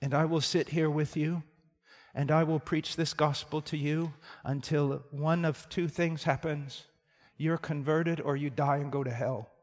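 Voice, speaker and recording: Man preaching, high pitch, hushed to shouting, long hall echo. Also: steady tone, a little slow. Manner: storytelling, swings from hushed to shouting. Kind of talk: sermon. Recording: reverberant hall.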